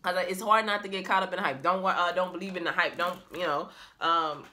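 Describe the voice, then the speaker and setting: Bright, animated woman reading tarot in a profane, rambling vlog. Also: fairly low pitch, fairly quick. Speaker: vlogger and tarot reader. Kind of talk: casual motivational vlog talk.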